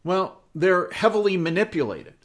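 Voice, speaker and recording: A man's voice: high-pitched, sing-song, moderate pace. A man hosting an interview, putting questions to his guest and backing him up with short affirmations. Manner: frequent brief affirmations while listening. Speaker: interview host. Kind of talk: conversational interview.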